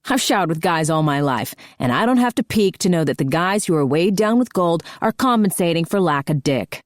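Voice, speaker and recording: A male hockey player who loves to needle people with mocking trash talk, voiced by a woman narrator. The voice is low and dry, recorded close. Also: lively intonation, fairly quick, no echo, natural voice. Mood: teasing.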